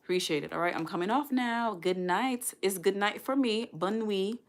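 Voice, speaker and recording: A woman's voice: mid-range voice, normal speed. A woman chatting casually with her livestream viewers, rambling and encouraging as she signs off.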